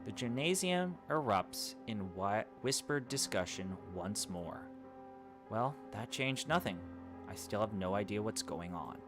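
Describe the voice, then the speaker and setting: A man's voice: lowish voice, animated, measured pace, over music. A man hosting a let's play, reading a visual novel aloud with wry, exasperated asides.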